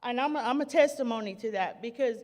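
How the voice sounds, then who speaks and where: A nervous woman giving a spoken testimony at a church service, talking in casual street slang with many halting restarts. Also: fairly high pitch, a little mellow, in a large hall.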